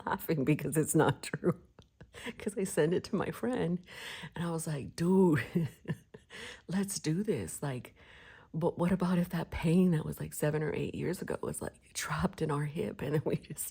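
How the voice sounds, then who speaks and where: A woman's voice: deep voice, normal speed, gravelly, slightly rough. A woman in her forties chatting casually and giggling as she sets up her planner, sometimes dropping to a whisper. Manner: giggly, chatty, often drops to a soft whisper. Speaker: planner vlogger. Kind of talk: casual chat while crafting.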